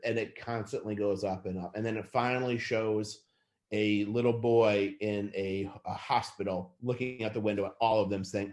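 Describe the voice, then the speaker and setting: Fast-talking passionate man in his thirties. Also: on the low side. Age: 30s. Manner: fast, passionate, energetic delivery with restarts. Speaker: real estate team leader speaking to managers. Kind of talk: motivational talk on a video call.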